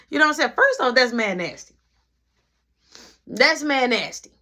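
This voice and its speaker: A woman casually telling a story in slang, animated and full of quoted dialogue. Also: high voice, normal speed, long pauses. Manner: slangy, animated retelling with many quoted lines.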